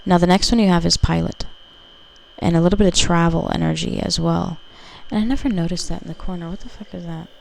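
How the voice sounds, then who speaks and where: A woman's voice: lowish voice, fairly even intonation, brisk, creaky, a little mellow, a little hiss or hum. A woman giving a casual pick-a-card tarot reading, rambling intuitively with lots of filler words. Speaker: tarot reader.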